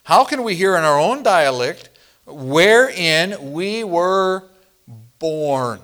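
Slow, teacherly preacher man. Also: high voice, expressive, a bit bright. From northern Midwest US. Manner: teacherly, asks the congregation questions. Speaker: pastor. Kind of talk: sermon.

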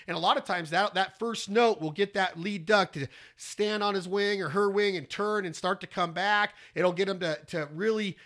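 A man, teaching duck calling in a rambling, folksy way, breaking into loud duck calls. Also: a little high, fairly quick, few pauses. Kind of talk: casual instructional talk.

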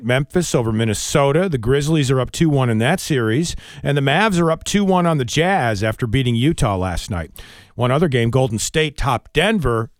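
A man hosting a morning radio show, bantering with a co-host and reading the weather and sports in a quick, lively newsreader style from a studio mic. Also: on the high side, no echo. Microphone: studio microphone.

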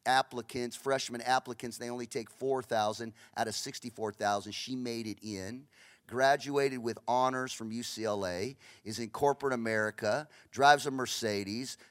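A middle-aged man from Los Angeles, a pastor preaching a passionate, storytelling sermon that swings between loud bursts and hushed asides. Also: mid-range voice, steady tone, moderate pace.

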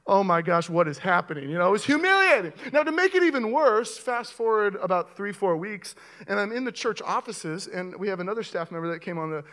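A young man preaching as a pastor, telling a comic story to his church and getting loud and animated at the funny parts. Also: high voice, a little fast. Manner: animated storyteller, voice rising sharply with excitement. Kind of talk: sermon with a comic personal story. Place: church auditorium with audience.

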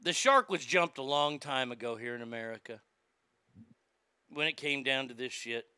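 A man's voice: medium pitch, expressive, moderate pace, bright, forceful tone, clear, resonant tone, dry recording. A man ranting in a sarcastic, indignant, profane commentary, recorded on a close mic. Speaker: social media commentator.

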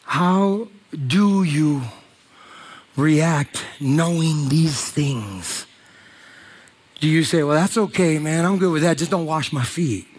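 A male pastor with a high, bright voice preaches with lively energy. He jokes and teases the congregation, then swings up into near-shouting emphasis. His delivery is loose and conversational. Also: slow, pauses often, husky. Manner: animated, joking with the congregation. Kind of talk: sermon. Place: church hall.

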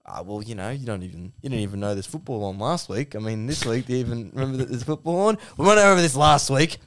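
A calm, placating Australian male pundit, as a man puts him on, talking low and quiet to settle things down. The voice sits below the speaker's own, soft and even. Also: quick pace, slight background noise, close to an everyday voice. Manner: soothing, low-key, placating.

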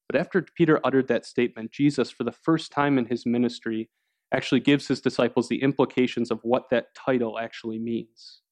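A man delivering a sermon in a measured, earnest way. His voice sits at an ordinary middle pitch, and he stops and restarts now and then as he works through a point. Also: a little mellow. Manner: earnest preaching, acts out quoted voices with rising pitch. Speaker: pastor.

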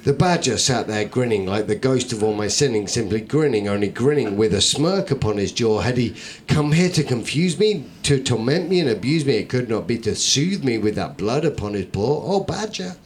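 A man's voice: mid-range voice, lively intonation, moderate pace, few pauses, a little hiss or hum. A man performing a comic poem for a live audience, rhythmic, theatrical and wry. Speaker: comedian and performance poet.

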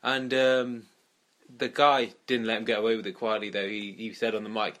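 A man's voice: lowish voice, little pitch movement, normal speed, a bit bright. A man co-hosting a podcast, chatting casually and telling a story with frequent laughs. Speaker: podcast co-host. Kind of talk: casual chat.

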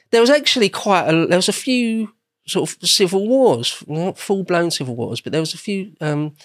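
An English man talks through history in a relaxed podcast chat, wandering through his points and circling back to restate them. His voice sits in an ordinary middle pitch and is recorded close and completely dry, with no room sound at all. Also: no room sound. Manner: meandering, circles back and rephrases often. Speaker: podcast guest explaining history. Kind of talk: casual podcast conversation.

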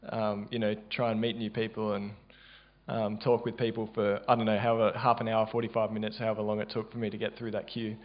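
A man with an Australian accent, telling a church testimony in a casual, halting way with many fillers. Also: flat delivery. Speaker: church member sharing a testimony. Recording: dull low-fidelity sound.

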